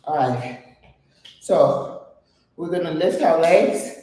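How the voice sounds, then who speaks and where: A woman's voice: sits low, animated, slow, mellow. An older woman leading a home exercise routine, chatting, coaching and counting reps aloud while out of breath. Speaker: exercise vlogger. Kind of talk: guided home workout chat. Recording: very echoey room, voice from a distance.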